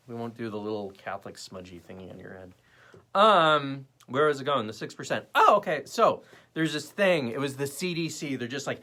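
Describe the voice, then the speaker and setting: A man's voice: medium pitch, animated, moderate pace, pushed and bright. A young man hosting his own show, ranting sarcastically about politics and the news in a casual way. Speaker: host.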